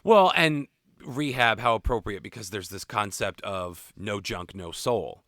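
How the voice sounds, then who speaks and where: Man, podcast co-host, bright tone, lowish voice, candid, swears freely, casual chat. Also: unhurried, dry recording, studio quality. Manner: candid, profane, animated opinions.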